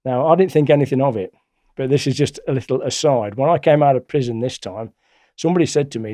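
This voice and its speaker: A middle-aged man, a guest telling stories in a blunt, colloquial, animated way. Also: medium pitch, fast, hardly any pauses, dry recording, clean studio sound. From England. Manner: blunt, colloquial, animated retelling with acted-out quotes. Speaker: interview guest. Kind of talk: casual storytelling.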